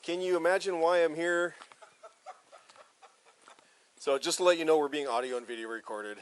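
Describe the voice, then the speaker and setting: A male sheriff's deputy questioning a resident outdoors in a brisk, procedural way. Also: a little high, slight background noise. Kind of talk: field interview. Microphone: body camera.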